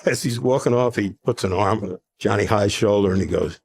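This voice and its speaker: A man telling a sports anecdote in a measured storytelling manner. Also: on the low side, creaky, darkish tone. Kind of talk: narrated anecdote.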